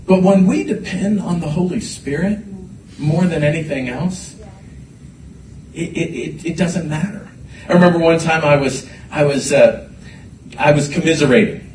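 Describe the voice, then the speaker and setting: A man delivers a lively sermon in a church, his slightly high voice carrying through an echoey sanctuary. He repeats his words and builds to bursts of shouting. He sounds set back from the microphone, with faint room noise around him. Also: distant mic. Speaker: pastor.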